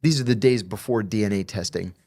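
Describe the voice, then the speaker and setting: A man's voice: fairly low pitch, a little fast, warm tone. A middle-aged man telling prison stories in casual conversation, acting out the quoted exchanges with profanity.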